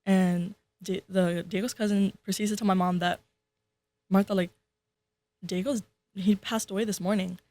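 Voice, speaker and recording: A woman's voice: mid-range voice, normal speed, pauses often. Teen girl telling a ghost story. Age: teens. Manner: animated, acts out quoted relatives. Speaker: student podcast co-host. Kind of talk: casual storytelling chat.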